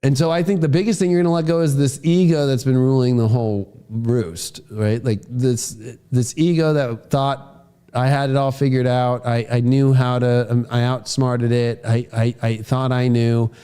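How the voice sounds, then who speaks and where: A man giving a horoscope forecast as an astrologer, casual and profane, acting out voices he quotes and bursting into shouts. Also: medium pitch, fairly even intonation, moderate pace, smooth.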